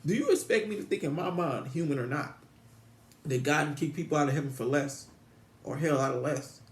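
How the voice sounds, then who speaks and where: In a reverberant space, a man with a fairly high voice talks briskly to viewers about God. It's a rambling religious musing, repetitive and meandering, full of restarts and rhetorical questions.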